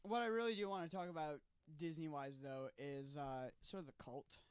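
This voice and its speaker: Male co-host, slightly high and smooth, relaxed enthusiastic chat. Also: moderate pace, no room sound. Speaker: podcast co-host. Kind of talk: casual chat.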